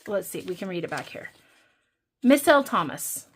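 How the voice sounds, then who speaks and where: A woman's voice: mid-range voice, sing-song, normal speed. A woman hosting a budgeting channel, chatting casually and thinking aloud while she counts and scratches off savings challenges.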